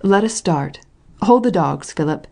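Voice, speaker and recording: A woman reading the lines of a brisk, impatient male landowner, in a curt, commanding way. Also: lowish voice, expressive, creaky, mellow, exaggerated voice.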